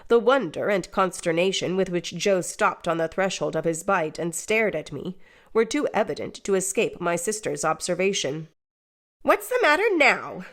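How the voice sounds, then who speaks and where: A woman narrating a classic novel in a measured, even reading. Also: on the low side. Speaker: audiobook narrator. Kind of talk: scripted narration.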